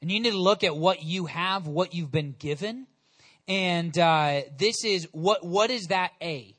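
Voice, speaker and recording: A young male pastor with a high, bright voice preaches to his congregation. He talks in a chatty, energetic way, punching key words with sudden emphasis. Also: measured pace. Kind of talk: sermon.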